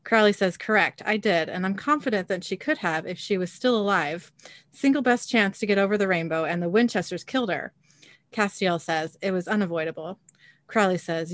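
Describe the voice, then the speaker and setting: A woman's voice: on the low side, normal speed, no echo. A woman co-hosting a podcast, chatting casually and reading out an episode recap with its quoted lines, laughing often.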